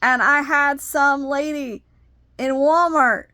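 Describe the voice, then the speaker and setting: A middle-aged woman with a fairly high voice talks through personal stories in a loose, rambling way, full of ums and you-knows. When she gets heated, her voice shoots up high and loud. The sound is dry and close, with no room echo. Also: takes it slowly. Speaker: vlogger. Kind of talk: personal storytelling.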